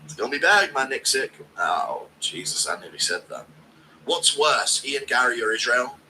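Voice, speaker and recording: A man's voice: mid-range voice, expressive, normal speed, pushed and bright, slight background noise, poor audio. A man streaming a casual watch-along, joking crudely and reading out donations.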